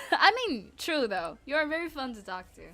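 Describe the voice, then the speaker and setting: Woman streamer, non-native english, bright tone, higher voice, giggly, rambling. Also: sing-song, normal speed. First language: not English. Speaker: vtuber streamer. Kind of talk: casual livestream chat.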